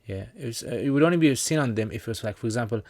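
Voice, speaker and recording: A man's voice: medium pitch, animated, rapid-fire, darkish tone, no echo, clean studio sound. A man with a British accent who teaches Islam, casually answering viewer questions on a livestream in a chatty, joking way with many fillers.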